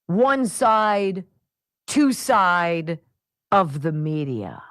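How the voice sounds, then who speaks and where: Fiery, animated woman radio host. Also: on the low side, takes it slowly, dry recording, clean studio sound. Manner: indignant, animated ranting. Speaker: radio talk show host. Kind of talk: opinion talk radio monologue.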